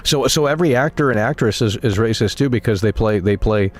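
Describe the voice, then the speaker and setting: Low-voiced ranting male streamer. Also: a little fast, faint music behind. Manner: ranting, profane, blunt. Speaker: game streamer. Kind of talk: live stream chat.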